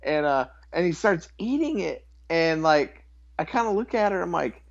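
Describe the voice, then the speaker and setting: Male co-host, lively up-and-down delivery, muffled lo-fi recording, easygoing swearing storyteller. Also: on the high side, normal speed, vocal fry. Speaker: podcast co-host. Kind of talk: casual chat. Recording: dull lo-fi sound.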